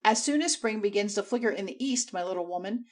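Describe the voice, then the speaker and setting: A woman voicing an elderly, jealous but gentle uncle, speaking softly in a lowered, fatherly tone. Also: lively intonation, fast talker, close to an everyday voice. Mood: gentle, indulgent.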